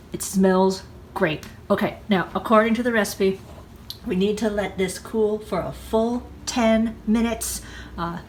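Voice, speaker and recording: A woman hosting a casual cooking show from her home kitchen, talking chattily and excitably to viewers as she works through each step. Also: mid-range voice. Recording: background noise and clicks.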